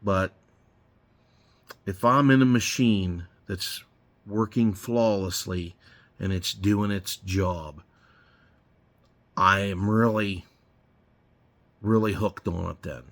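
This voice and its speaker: A man's voice: lowish voice, slow pace, pauses often, fairly bright tone. A middle-aged man telling rambling, profane stories in a blunt, casual way while he works in his garage. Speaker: garage owner. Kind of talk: casual storytelling while working.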